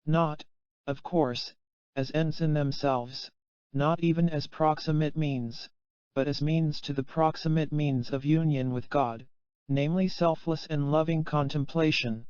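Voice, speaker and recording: A man giving a slow, measured, solemn reading of a spiritual text as an audiobook. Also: fairly high pitch, fairly even intonation, darkish tone, clear, resonant tone, dry recording. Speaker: audiobook reader. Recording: dull, muffled, dry sound.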